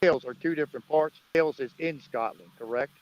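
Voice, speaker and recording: A man's voice: fairly high pitch, fast, dull audio, noisy background. An American man joining a casual livestream chat, telling profane jokes and stories. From United States. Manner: profane, joking storyteller. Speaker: livestream guest.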